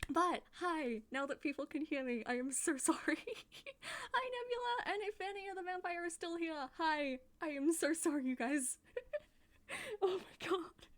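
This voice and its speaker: A woman's voice: very high-pitched, a little slow. A woman live-streaming a game, chatting casually and laughing often at herself. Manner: giggly, laughs often, self-deprecating. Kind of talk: casual live-stream chat while gaming. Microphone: desk microphone.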